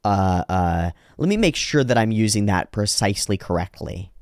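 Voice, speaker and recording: Reacting to anime, a man with a low, expressive voice thinks out loud in meandering, reflective commentary full of restarts. For quoted lines, he shifts into slow, exaggerated voices.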